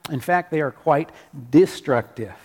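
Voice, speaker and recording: A man preaching a sermon as pastor in a church, animated, repeating his declarations. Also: a little high, a little slow, long reverb tail.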